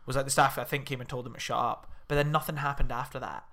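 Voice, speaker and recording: A man co-hosting a podcast, telling an animated, sweary story in casual chat. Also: fast talker, vocal fry. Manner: animated storytelling with sweary rants and shrill mimicry. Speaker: podcast co-host.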